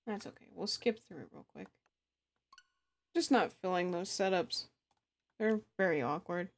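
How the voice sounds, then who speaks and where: A woman's voice: on the low side, lively intonation, measured pace, vocal fry, pauses often. A young woman streamer chatting casually with her viewers, giggling and laughing often. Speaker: game streamer. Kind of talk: casual live-stream chat.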